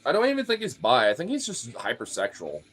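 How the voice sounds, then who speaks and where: A man's voice: medium pitch, wildly swooping pitch, fast talker, a bit bright, breathy edge. A man streaming to his followers in a casual, rambling rant, swearing freely, leaning on fillers and often laughing. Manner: profane, loose, filler-heavy with frequent laughs.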